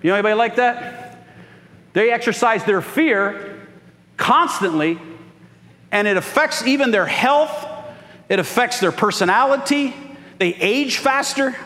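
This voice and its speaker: A man's voice: extremely high pitch, lively intonation, a little slow, pauses often, sharp tone, big-room sound. A man pastor preaching a sermon, calling out for "Amen" from the congregation. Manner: call-and-response preaching, frequent "Amen?". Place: church sanctuary.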